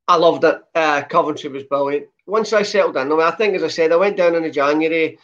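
A man in his fifties from Scotland with a softened Glasgow accent, telling stories as an interview guest with a lot of filler sounds. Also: fairly high pitch, fast. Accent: softened Glasgow Scottish. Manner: lots of uh fillers, chatty storytelling. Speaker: guest, former footballer. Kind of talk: relaxed interview chat. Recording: dull lo-fi sound.

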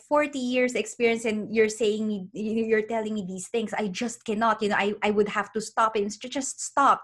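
A middle-aged woman speaks as a psychologist guest in a casual interview. Her voice sits at a mid pitch, and she explains her points earnestly, with many restarts and asides like "you know".

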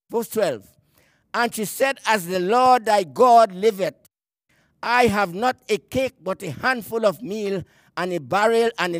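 A man preaching a sermon in a strikingly high voice, recorded dry and close. He is emphatic, lingers on the words he wants stressed, and sometimes repeats a word as he reaches for the next one. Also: dry recording. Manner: emphatic, slowing to stress key words, repeats words mid-phrase; reads scripture aloud in archaic phrasing.

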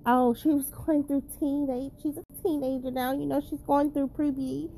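Vlogger woman, fairly high and mellow voice; blunt, heavy swearing, preachy casual rant. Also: little pitch movement, moderate pace, a little hiss or hum. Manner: blunt, profane and preachy, addressing viewers directly. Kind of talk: casual straight-to-camera rant.

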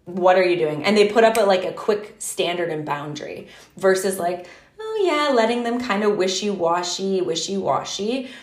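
A woman's voice: medium pitch, normal speed, roomy sound. A woman co-hosting a podcast in casual chat, talking animatedly, full of "like" and casual swearing. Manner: animated, fillers with "like", swears freely. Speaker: podcast co-host.

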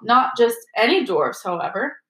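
Teacher reading a storybook aloud, echoey room. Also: female voice, fairly high pitch, big pitch swings, normal speed, a bit bright.

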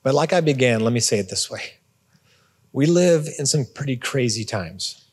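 Man, pastor, conversational sermon, husky, raised pitch, long hall reverb. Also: animated, moderate pace, a little mellow. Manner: conversational, repeats words, informal asides. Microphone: phone or portable device.

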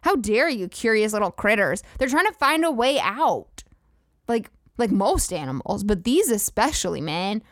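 A woman's voice: medium pitch, very animated, normal speed, no echo, studio quality. A woman hosting a podcast, ranting in a profane, incredulous and sarcastic comedic style. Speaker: podcast host. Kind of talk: comedic rant.

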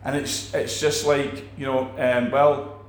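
A man teaching about faith in a relaxed talk, animated, acting out quoted people and restarting his sentences often. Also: medium pitch, takes it slowly, roomy sound, a little hiss or hum. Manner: animated, acts out quoted preachers, many restarts. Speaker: preacher.

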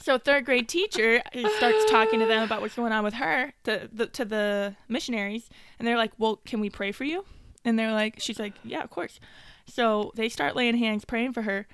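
A woman's voice: on the high side, lively intonation, normal speed, a bit bright, clean tone, no room sound. A young woman co-hosting a podcast, telling a story in casual chat, acting out quotes and laughing often. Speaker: podcast co-host.

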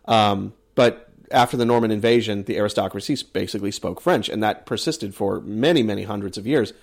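A man's voice: on the low side, brisk, creaky. A man from the United States chatting casually as a podcast co-host, rambling with many fillers and restarts. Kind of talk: casual chat.

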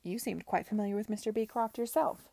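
A woman's voice: mid-range voice, expressive, a little fast, creaky, mellow, no room sound. A woman reading aloud and voicing an earnest, anxious young woman in an urgent, pleading tone.

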